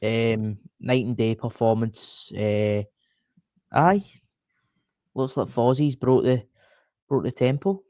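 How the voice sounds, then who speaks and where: A man with a Scottish accent in a casual podcast chat, animated and full of fillers like "uh" and "aye". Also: mid-range voice, slow, pauses often, no room sound. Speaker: podcast co-host.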